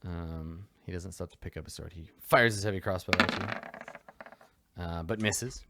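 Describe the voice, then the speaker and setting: A man's voice: low voice, moderate pace, heavy background noise. A man running a tabletop game as game master, narrating the action casually with many fillers.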